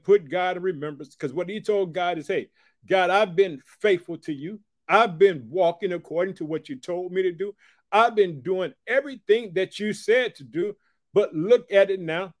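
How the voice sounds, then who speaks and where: Male preacher, high voice, slow emphatic scripture reading broken by quiet asides and catchphrases. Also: dry recording. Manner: punctuates reading with repeated catchphrases and call-outs; prays aloud for listeners. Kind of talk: sermon teaching from scripture.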